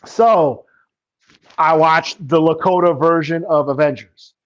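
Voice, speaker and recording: Higher-voiced man on a dull lo-fi line. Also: slow pace. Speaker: podcast co-host. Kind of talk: casual podcast chat. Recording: dull lo-fi sound.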